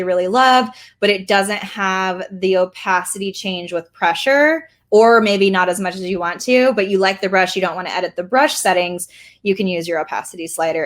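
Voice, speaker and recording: A woman walks through a digital painting demo in a chatty, meandering style, filling pauses with "um" and "like". Her voice sits at an ordinary middle pitch, and she sounds like she is talking into a mic on a video call. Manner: chatty, rambling, self-deprecating, lots of fillers. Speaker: artist teaching a workshop. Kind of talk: casual live demo tutorial.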